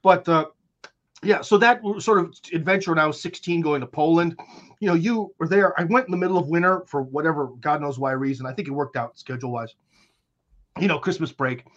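Brief: American male guest, higher-than-average voice, rambling slang-heavy storyteller, muffled lo-fi capture. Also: fairly quick, fairly bright tone. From United States. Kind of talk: casual conversational storytelling.

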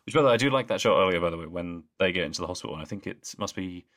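A man co-hosting a podcast in casual chat, enthusiastic, with quick asides. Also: low voice, expressive, a bit bright. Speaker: podcast co-host.

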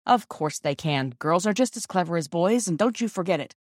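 A woman reading the part of a cheerful, handy Victorian father in a storybook, in a brisk manner. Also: lowish voice, expressive, no room sound, clean studio sound.

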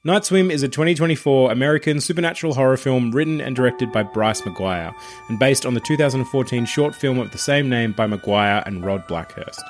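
Lively male podcast host. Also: medium pitch, fairly quick, faint music behind. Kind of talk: casual chat.

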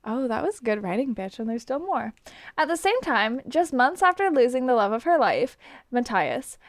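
A woman's voice: a little high, very animated, normal speed, dry recording, studio quality. A young woman co-hosting a podcast, chatting and teasing, and reading a book blurb aloud. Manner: playful, teasing. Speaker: podcast co-host.

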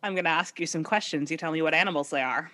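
A woman's voice: low voice, fast, sharp tone. A woman co-hosting a podcast in casual chat, reading out quiz questions and laughing often. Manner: giggly, playful, laughs a lot. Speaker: podcast co-host.

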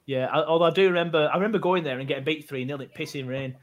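A young man hosts a casual football podcast. His voice sits fairly high. He talks in a chatty, loose way with casual swearing. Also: fairly even intonation, very fast. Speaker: podcast host.

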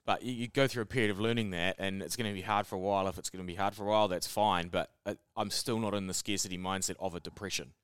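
A man in a casual podcast chat, animated, laughing often and swearing a lot. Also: low voice, fast talker, hardly any pauses, clean tone, dry recording, studio quality. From New Zealand. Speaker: podcast co-host.

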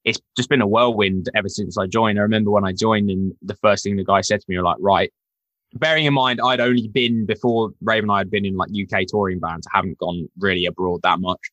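A man's voice: on the low side, fairly quick, no echo, dull audio. A man, a touring rock drummer, chatting in an interview and acting out quotes with plenty of swearing. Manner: animated storyteller, swears freely, acts out quotes. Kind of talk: casual interview chat.

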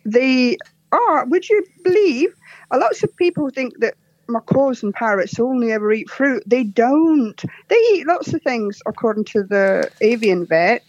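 A woman from Scotland with a soft, posh Scottish accent, chatting as a podcast guest, laughing often and telling jokes. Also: on the high side, animated, unhurried, dry recording, highs cut off. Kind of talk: casual interview chat.

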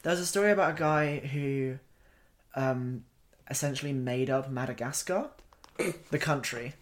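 A man's voice: mid-range voice, measured pace. A man, co-hosting a podcast and telling stories in an enthusiastic, laugh-prone casual chat. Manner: enthusiastic storyteller, laughs often. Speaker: podcast co-host.

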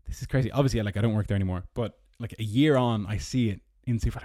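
Here the Irish host races along in a warm voice, spinning meandering stories alone in his parked car for his podcast. Sarcasm laces his commentary, and mockery comes out in a squeaky put-on voice, all captured in a dry, clean studio-sounding recording.

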